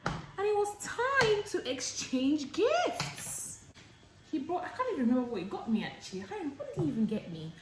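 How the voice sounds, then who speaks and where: A woman's voice: sits high, moderate pace, reverberant, heavy background noise. A young woman, a vlogger telling a dramatic story while she cooks in her kitchen. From England. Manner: animated, dramatic storytelling that acts out both sides. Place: home kitchen.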